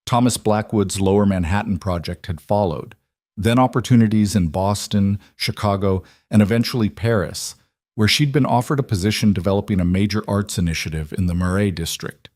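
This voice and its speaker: A man narrating a drama story in scripted, even, measured storytelling. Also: lowish voice, no room sound.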